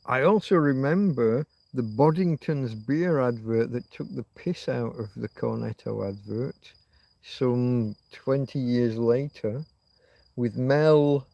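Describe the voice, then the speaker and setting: Slow, musing Yorkshire man. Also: medium pitch, vocal fry, warm tone, dry recording. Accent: Yorkshire English. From Yorkshire, England. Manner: musing, meandering, drifts between thoughts. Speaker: livestream host. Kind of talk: rambling casual livestream chat.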